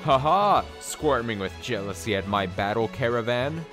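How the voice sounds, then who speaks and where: A man's voice: medium pitch, animated, normal speed, natural voice. A man voicing a pompous male duke in theatrical, old-fashioned mock-Shakespearean speech. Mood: grandiose. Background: game music.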